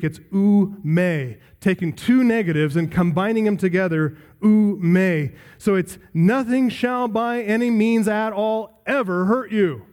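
A man preaching an expository sermon as pastor, emphatic and building through repeated phrases, sometimes dropping to a quiet voice. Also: a little high.

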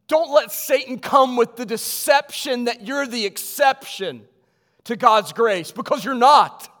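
A male pastor preaching a sermon in a church, swinging from loud emphatic lines to hushed ones. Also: very high-pitched, animated, slow, long reverb tail. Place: church sanctuary.

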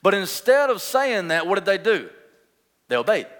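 Young guy pastor preaching hard, high bright voice, long church echo. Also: very animated, normal speed. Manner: impassioned preaching, asks the congregation to join in. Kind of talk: sermon. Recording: long reverb of a church hall.

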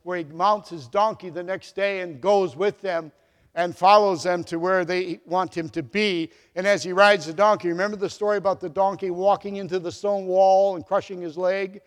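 Male pastor, high voice, storytelling sermon with swings between loud and soft, long hall reverb. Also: steady tone, moderate pace, clean tone. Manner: storytelling, acts out the quoted dialogue with big swings in loudness.

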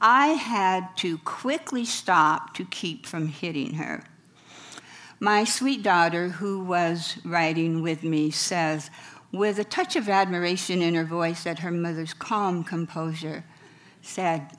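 A woman's voice: lowish voice, takes it slowly, fairly bright tone. A middle-aged woman, a counselor, telling personal stories to an audience with wry humor. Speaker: counselor and speaker. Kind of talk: storytelling talk.

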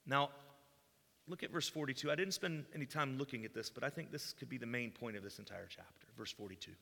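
A man's voice: medium pitch, fast, vocal fry, sharp tone. A man preaching a sermon, walking through a Bible passage and voicing the quoted speech with rising intensity. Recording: long hall reverb.

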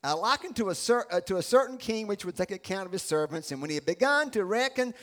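A middle-aged pastor preaching a sermon, animated and acting out the characters he describes. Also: sits high, quick pace. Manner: animated storytelling, acts out voices.

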